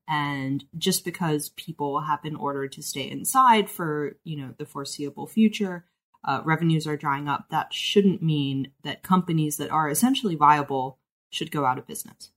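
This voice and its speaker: Low-voiced female co-host. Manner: personal, conversational questioning. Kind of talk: interview hosting.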